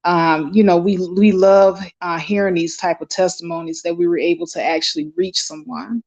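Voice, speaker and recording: A woman's voice: lowish voice, expressive, normal speed, gravelly, darkish tone. A woman hosting a live online chat stream, effusive and full of fillers and restarts. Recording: dull lo-fi stream audio.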